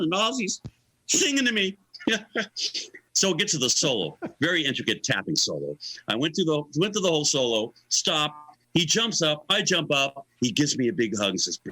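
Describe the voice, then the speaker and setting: This is a middle-aged or older man telling a story in an interview. His voice is bright and very animated, leaping up and down as he acts out the people in the tale. He chuckles as he goes, and the sound is dry and close to the mic. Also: on the high side, breathy edge, no echo, low-quality recording. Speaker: guest musician.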